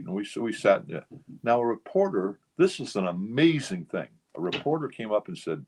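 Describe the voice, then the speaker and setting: A man's voice: lowish voice, very animated, moderate pace, a little mellow, husky. A man over sixty, a memorabilia collector appearing as a guest on a radio talk show, who tells rambling stories packed with fillers. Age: older. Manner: rambling storyteller, many fillers. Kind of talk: casual radio chat.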